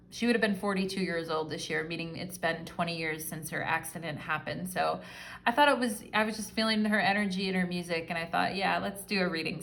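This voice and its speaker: This tarot reader has a fairly low pitch and a bright, forceful tone. In her casual pick-a-card reading she speaks straight to viewers, chatty and fond, with lots of fillers throughout.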